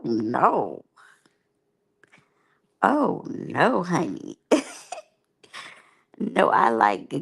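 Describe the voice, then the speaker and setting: A woman's voice: medium pitch, vocal fry, husky. A woman giving candid, rambling, slangy commentary as a reality TV reviewer. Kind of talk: casual unscripted commentary.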